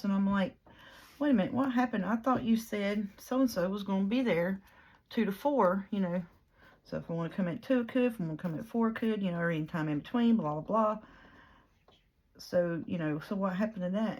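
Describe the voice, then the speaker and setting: A woman's voice: lowish voice, slight background noise. A middle-aged woman telling a long, rambling story in casual chat while crafting, with lots of fillers. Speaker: craft vlogger.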